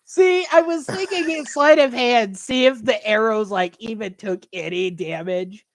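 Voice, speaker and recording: A woman's voice: on the high side, dry recording. A woman running a tabletop game as game master, narrating with frequent restarts. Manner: halting, restarts often, laughs while narrating.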